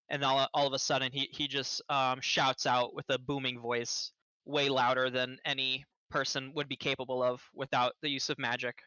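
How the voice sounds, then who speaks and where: A man describing his character's actions in a tabletop game, halting with frequent pauses and restarts. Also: mid-range voice, level tone, pushed and bright, smooth, no echo, muffled recording. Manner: halting, lots of ums and restarts. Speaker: player.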